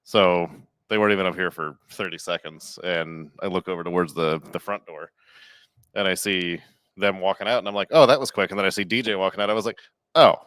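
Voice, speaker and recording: Podcast guy telling a bar story, lowish voice, acts out the lines, dead dry room. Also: fairly quick, smooth, dry recording. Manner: animated, acts out quotes with big jumps in pitch. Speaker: podcast co-host, bar worker. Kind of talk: casual storytelling.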